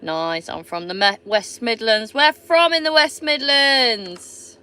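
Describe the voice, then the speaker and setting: A woman's voice: fairly high pitch, slow, sharp tone. Sweary Somerset woman chatting on a livestream. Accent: Somerset English. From England. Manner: chatty and sweary, reading out viewer comments. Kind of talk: casual live-stream chat.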